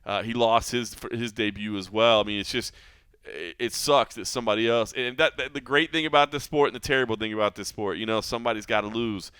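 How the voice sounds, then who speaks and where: A man hosting a fight podcast in casual chat, voice low and bright with a forceful edge. He speaks smoothly and resonantly, earnest and reflective, often restarting his sentences. The sound is dry and close. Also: steady tone, brisk, no room sound. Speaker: podcast host. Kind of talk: casual MMA podcast talk.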